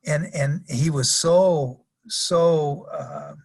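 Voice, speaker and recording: A man's voice: on the high side, drawn-out words, creaky, a little mellow, slightly rough. An older man, a podcast guest, telling rambling anecdotes in a casual interview and chuckling at his own stories. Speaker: podcast guest, retired wrestler.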